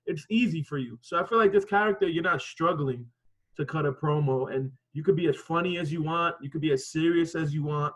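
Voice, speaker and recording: High-voiced man giving loose feedback. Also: fairly quick, rough recording. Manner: loose, rambling, profane. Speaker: wrestling student. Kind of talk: casual critique.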